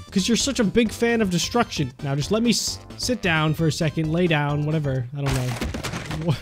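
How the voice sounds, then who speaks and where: A young man giving excitable gameplay commentary, laughing and talking to the characters on screen. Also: a little high, a little fast. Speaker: gaming YouTuber. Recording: music playing behind.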